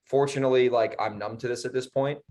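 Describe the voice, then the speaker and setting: A man's voice: medium pitch, steady tone, fast, darkish tone. A man co-hosting a podcast, telling a story in a heated, profane way and acting out both sides. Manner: heated, profane, mimicking others. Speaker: podcast co-host. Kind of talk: casual storytelling.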